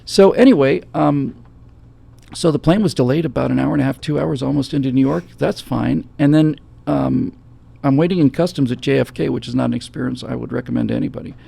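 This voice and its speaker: Gravelly fast-talking man telling a story. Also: medium pitch. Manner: animated storyteller, mimics a calm airline pilot. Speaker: host. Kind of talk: casual storytelling chat. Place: studio set, seated.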